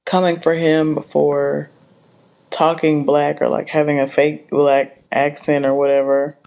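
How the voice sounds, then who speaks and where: A woman talks slowly and unhurriedly, her voice carrying a gravelly fry. She co-hosts a podcast in relaxed, drawn-out casual chat. She chuckles between her thoughts. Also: deep voice. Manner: laid-back, drawn-out, chuckling. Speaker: podcast co-host.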